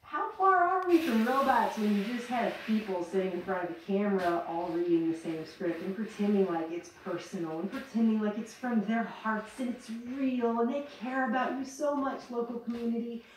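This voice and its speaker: A woman's voice: a little high, normal speed, few pauses, a little hiss or hum. A woman hosting a video commentary, ranting in a sarcastic, impassioned way. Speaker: host. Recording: echoey room, mic far off.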